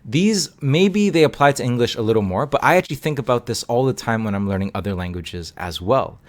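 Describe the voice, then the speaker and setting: A man's voice: medium pitch, a little fast. Young guy teacher explaining pronunciation, bouncy voice that jumps around, playful demos. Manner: animated, demonstrates sounds with playful exaggeration. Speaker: language teacher. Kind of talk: casual teaching talk.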